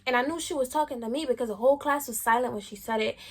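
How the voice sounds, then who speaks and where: Young adult woman, high voice, casual slangy storytime vlogger. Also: very fast, faint music behind. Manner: slangy, chatty, lots of "like" fillers.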